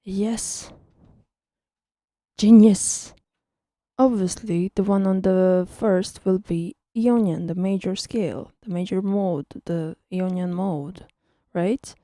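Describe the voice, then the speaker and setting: A woman's voice: fairly low pitch, slow, hardly any pauses, warm tone, dry recording, clean studio sound. A young woman teaching music theory in a casual online tutorial, chatty and teasing, often correcting herself mid-sentence.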